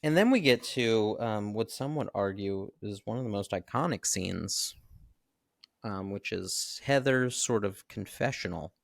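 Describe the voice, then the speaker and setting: A man's voice: lowish voice, lively intonation, unhurried, vocal fry, no room sound, studio quality. A man co-hosting a podcast in casual chat, with a laid-back way of talking. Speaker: podcast co-host.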